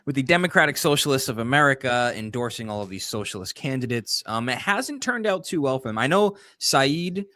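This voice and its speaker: A man co-hosting a casual political call-in show, giving animated opinions and laughing often. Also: medium pitch, fairly quick, few pauses. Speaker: co-host.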